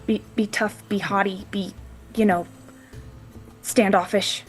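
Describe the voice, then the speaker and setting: A woman's voice: mid-range voice, level tone, slow pace, faint music behind. A woman playing a tabletop game, talking casually and coaching another player insistently, often laughing.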